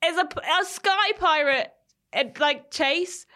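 A woman's voice: extremely high pitch, slow pace. A woman co-hosting a casual film review podcast, telling stories animatedly. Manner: animated storytelling, acts out quotes. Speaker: podcast co-host.

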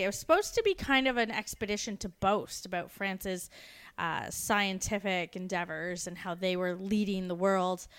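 Bright, crisp-voiced woman telling a story. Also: mid-range voice. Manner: lively, laughs often while telling a history story. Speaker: podcast co-host. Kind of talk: casual chat, storytelling.

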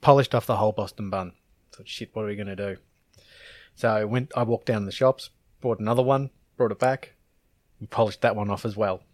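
A man's voice: on the low side, fairly even intonation, fairly quick, darkish tone, no room sound. A man, co-hosting a podcast in casual chat and rambling through laughing anecdotes. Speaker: podcast co-host.

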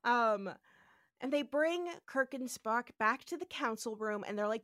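Bright-toned woman podcaster, lively recapper, dry booth sound. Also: on the high side, unhurried, no echo. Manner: animated, acts out quotes. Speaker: podcast co-host. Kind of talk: casual episode recap.

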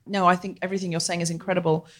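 A woman's voice: on the low side, flat delivery, racing, fairly bright tone. A British woman hosting a live podcast interview on a comedy club stage, playful and self-deprecating. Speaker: host.

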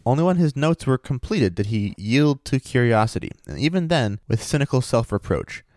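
A man reads a story aloud, steady and even. His voice sits in a middle pitch. The sound is dry and close. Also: moderate pace, no room sound. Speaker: story reader and host. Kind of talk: reading a story aloud, then casual chat.

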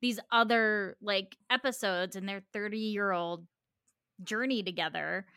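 A woman in a casual chat who chimes in quickly. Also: medium pitch, pushed and bright, smooth, dry recording, studio quality.

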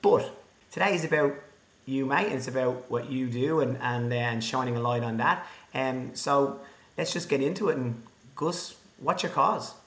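A man with an Irish accent hosting an interview podcast, introducing his guest earnestly and upbeat, often pausing with fillers. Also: mid-range voice. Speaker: podcast host.

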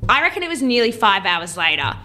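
A woman, telling a story in casual podcast chat, animated and swearing freely, acting out quotes in a higher voice. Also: fast. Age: late 20s.

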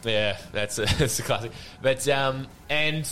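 A man hosting a casual, sweary chat, animated and laughing often. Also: mid-range voice, unhurried, soft background music. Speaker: podcast host.

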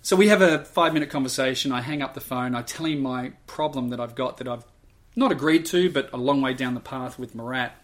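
A middle-aged Australian man, a podcast guest telling an animated story and acting out the voices of others. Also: mid-range voice, fairly quick. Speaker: podcast guest, tennis coach. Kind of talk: casual storytelling.

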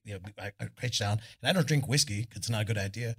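A man's voice: fairly low pitch, quick pace, slightly rough. A man guest telling loose, profane road stories on a live stage, talking into a stage microphone. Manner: loose, profane anecdotes with lots of "I'm all". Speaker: guest musician. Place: arts club stage, indoors.

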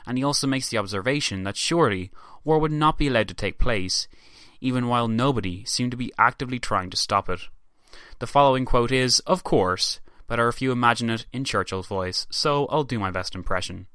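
A man giving scripted history narration in a measured, formal storytelling manner. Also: on the low side, bright, forceful tone, clear, resonant tone, no echo, clean studio sound.

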